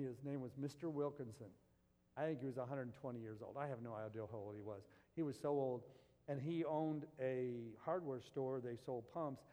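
A male pastor preaching a sermon, shifting between relaxed storytelling and loud emphatic peaks. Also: a little high, big-room sound.

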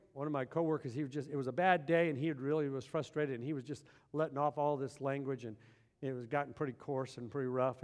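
A man preaching a sermon with emphasis, often posing rhetorical questions to his congregation. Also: on the high side. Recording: long hall reverb.

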